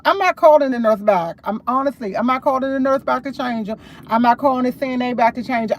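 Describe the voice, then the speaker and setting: Woman, high-pitched, chatty livestream storytelling, emphatic. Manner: animated, emphatic retelling of a conversation. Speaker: livestream host.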